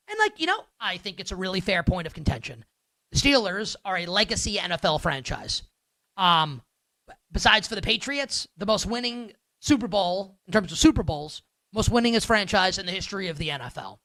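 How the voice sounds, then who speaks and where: A man with a New York accent hosting a live sports betting talk show, delivering an animated, sarcastic and rambling monologue. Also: high-pitched, brisk, dry recording, poor audio.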